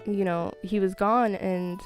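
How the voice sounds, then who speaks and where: A young woman chatting on a gaming stream, her voice sitting at an ordinary middle pitch. She tells her story in a loose, animated way, full of fillers and quick laughs. Soft music plays faintly behind her.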